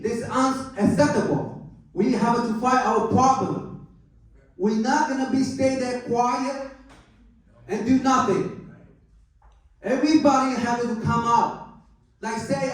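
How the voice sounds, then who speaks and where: A man who is a political candidate, giving an angry campaign speech at a club meeting in broken English, emphatic and asking the crowd to agree. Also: very high voice. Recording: echoey room, mic far off.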